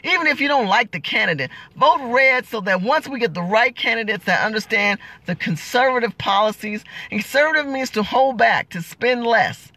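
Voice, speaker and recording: A woman's voice: a little high, lively intonation, normal speed, few pauses, pushed and bright, dry recording. A woman hosting a political livestream, talking in an emotional, emphatic, preachy way as she answers viewer comments.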